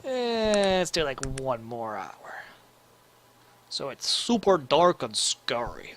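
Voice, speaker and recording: A man's voice: on the high side, very animated, slow, a bit bright. A man giving playful, jokey commentary over a game, reading its text aloud. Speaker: gaming video host. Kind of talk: casual gameplay commentary.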